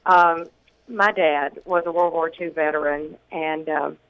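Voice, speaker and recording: A congressional candidate from Tennessee in their sixties, giving earnest, measured campaign answers in a radio interview, with many ums and restarts and a slightly rough early-morning voice. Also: medium pitch, steady tone, phone-quality sound.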